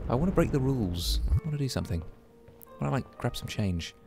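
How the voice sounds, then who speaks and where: A man talking his way through a video game with chatty, musing commentary. His pitch rises and falls a great deal, and he keeps breaking into exclamations. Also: sing-song, fairly quick, creaky, music in the background. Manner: chatty, exclaims and muses aloud while playing. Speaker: gaming YouTuber. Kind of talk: casual gameplay commentary.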